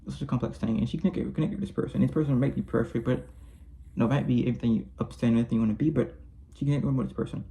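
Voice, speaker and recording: A man races through a casual film review in a warm, mid-range voice with vocal fry and fairly even intonation, over slight background noise. Effusive and rambling, he keeps restarting and self-correcting mid-sentence.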